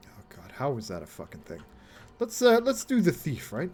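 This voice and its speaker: A man's voice: mid-range voice, huge pitch swings, normal speed, a little mellow, slight background noise. Swearing, laughing man streaming a game. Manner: rambling, swears freely, laughs often, talks to chat. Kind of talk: casual live-stream chat while gaming.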